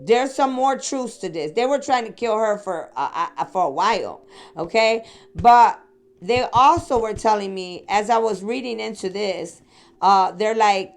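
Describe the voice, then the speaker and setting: A woman's voice: medium pitch, moderate pace. A woman from the Chicago area giving a casual psychic reading, rambling and talking straight to her listeners. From Chicago area, USA. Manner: rambling, addresses listeners directly with "okay?" and "sweetheart". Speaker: psychic reader. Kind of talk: casual spiritual reading monologue.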